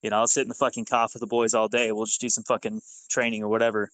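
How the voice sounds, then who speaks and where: A man's voice: fairly low pitch, very fast, dry recording, low-quality recording. Profane man telling army stories. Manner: profane, animated, acts out dialogue. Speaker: podcast guest, former Army sergeant. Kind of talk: casual storytelling.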